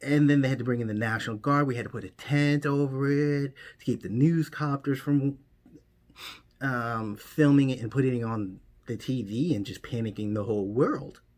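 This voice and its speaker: A man delivering a mock-serious comedy monologue as a rambling, deadpan story. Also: mid-range voice. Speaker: comedian doing a parody monologue.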